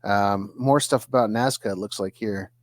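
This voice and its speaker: A man co-hosting a podcast in casual chat. He is animated, throws in quick asides, and swears casually. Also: lowish voice, dry recording. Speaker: podcast co-host.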